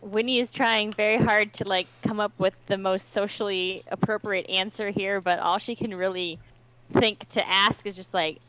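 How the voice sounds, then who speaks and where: A woman's voice: mid-range voice, steady tone, moderate pace, a bit bright, clean tone, low-quality recording. A woman playing a tabletop game, hesitantly describing what her character does. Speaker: player.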